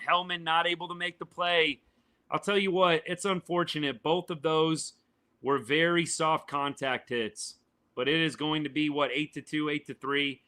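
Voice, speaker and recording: A man, his voice worn and going hoarse, chatting casually as a podcast host reacting live to a baseball game and answering viewers. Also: a little high, pushed and bright. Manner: chatty, answers chat viewers by name, says y'all. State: voice worn and failing, a little quieter than usual.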